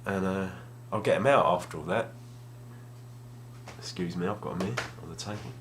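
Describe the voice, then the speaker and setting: A man's voice: sits low, moderate pace, background noise. Man rambling through a story. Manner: rambling, self-deprecating, restarts often. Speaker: gaming vlogger. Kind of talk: casual storytelling. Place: home room, at a table.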